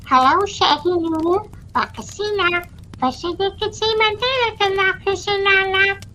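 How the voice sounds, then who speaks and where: A woman's voice: extremely high pitch, measured pace, sharp tone, a little hiss or hum, pitched above the performer's own voice, heavily acted. A woman putting on the sing-song baby-talk voice she uses with her cats. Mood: cooing.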